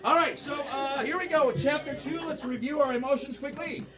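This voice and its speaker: A man's voice: extremely high pitch, moderate pace, over a noisy crowd. A man hosting an improv comedy game on stage, announcing rules with playful emphasis. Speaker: improv show host. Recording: distant mic, loud audience.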